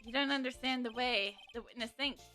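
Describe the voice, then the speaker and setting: A woman's voice: on the high side, fairly quick, pushed and bright, faint music behind. A woman voicing a cool, sardonic male prosecutor who teases and lectures. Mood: smug.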